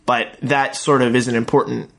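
A man's voice: mid-range voice, flat delivery, normal speed, vocal fry, a bit bright. A man casually recapping a TV episode with a co-host, rambling and acting out the characters' lines. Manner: rambling retelling with acted quotes, many fillers. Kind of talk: casual chat.

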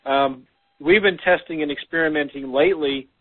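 A man's voice: a little high, normal speed. A man co-hosting a casual business talk, giving practical advice with frequent "um" fillers, heard over a phone line. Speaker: podcast co-host.

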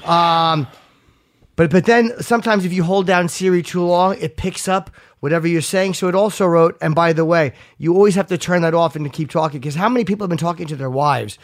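A man's voice: a little high, a little fast, no echo. A man co-hosting a podcast in a studio, talking in crude, joking, rambling banter. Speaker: podcast co-host. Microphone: studio mic.

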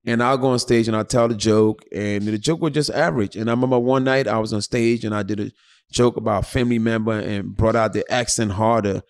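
A man's voice: fairly low pitch, brisk. A middle-aged man from Ghana, a comedian telling profane, jokey stories in casual chat. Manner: animated, profane, jokey storyteller. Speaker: comedian guest.

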